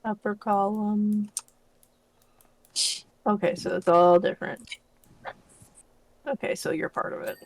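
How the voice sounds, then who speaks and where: A woman's voice: mid-range voice, fairly even intonation, slow, long pauses, darkish tone, low-quality recording. A woman with a Midwestern accent, chatting casually and rambling in a self-mocking way while she plays a game. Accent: Midwestern American. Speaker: streamer playing a cleaning game. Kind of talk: casual gaming chat.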